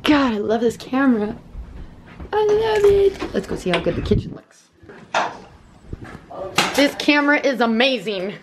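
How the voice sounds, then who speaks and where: A woman's voice: high-pitched, big pitch swings, measured pace, long pauses, background noise. A woman vlogging casually with a gushing, giggly enthusiasm, first at home and then from her car. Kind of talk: casual vlog chat.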